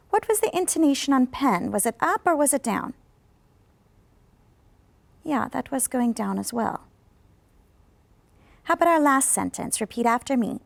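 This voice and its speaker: Gravelly-voiced woman teaching pronunciation. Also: high-pitched, sing-song. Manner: slow, exaggerated model sentences for students to repeat; patient, instructive. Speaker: ESL pronunciation professor. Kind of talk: classroom video lesson. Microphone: studio microphone.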